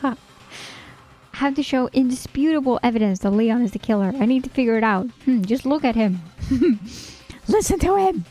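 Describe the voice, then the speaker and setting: A young woman streaming a game live, reading game text aloud with excited, swearing, laughing asides. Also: a little high, moderate pace.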